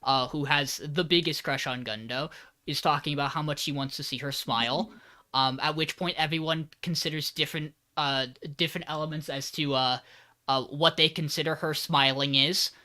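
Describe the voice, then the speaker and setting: A podcast host with a bright, forceful tone talks through an anime episode in a loose, rambling way. The speaker slips into the characters' lines with lively energy. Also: mid-range voice, moderate pace. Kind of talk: casual anime recap podcast.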